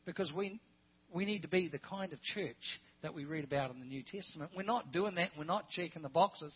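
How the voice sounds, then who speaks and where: A man preaching a sermon as a guest preacher, putting questions to the congregation and rising to loud, emphatic peaks. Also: high-pitched, a little fast, husky, dull audio.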